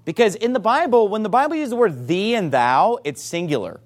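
Animated high-voiced male preacher. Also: a little fast. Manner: animated, acts out quoted voices. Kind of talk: sermon.

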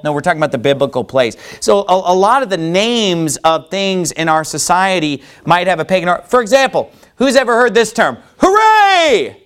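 A man preaching a sermon in church, firing rhetorical questions at the congregation. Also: a little high. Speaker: pastor.

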